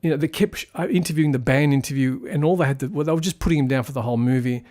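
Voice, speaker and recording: A man's voice: on the high side, rapid-fire, a little mellow. A man giving a casual spoken film review, rambling and critical as he thinks aloud.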